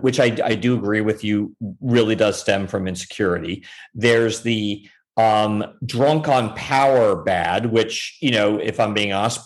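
A man who is a TV showrunner, answering interview questions candidly, rambling with many restarts and self-deprecating asides. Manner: self-deprecating, pitch jumps up on emphatic points. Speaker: TV showrunner, podcast guest.

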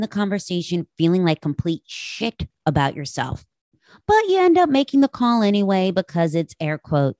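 A woman's voice: fairly low pitch, big pitch swings, normal speed, a little mellow, dry recording, studio quality. A woman in her late thirties hosting a talk show, speaking candidly and confessionally to her listeners about her own life. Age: 30s. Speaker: podcast host. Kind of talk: personal reflective monologue.

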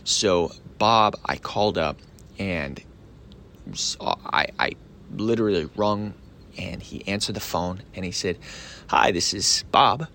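A young man hosting a solo sales podcast, talking casually and excitedly, often asking "right?" and acting out both sides of a phone call. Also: deep voice, slow pace, vocal fry, a little hiss or hum.

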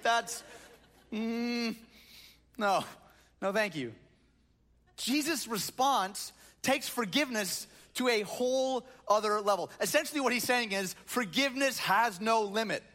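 A man's voice: high-pitched, pushed and bright. A man preaching a sermon from a stage, reading scripture and breaking into conversational, joking asides. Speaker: pastor. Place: church stage.

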